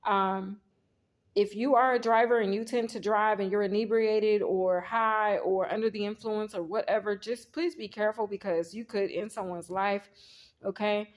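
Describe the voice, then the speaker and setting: At a moderate pace and in a steady, mid-range voice, a tarot reader casually tells a story over her cards, rambling, addressing viewers directly and recounting scenes by quoting what she said.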